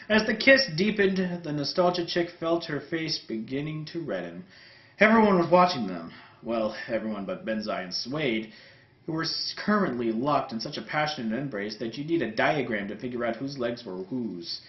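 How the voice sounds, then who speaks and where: Host reading fanfic for laughs, very lively pitch, roomy echo. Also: male voice. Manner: animated, wry delivery. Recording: roomy, dull sound, faint music.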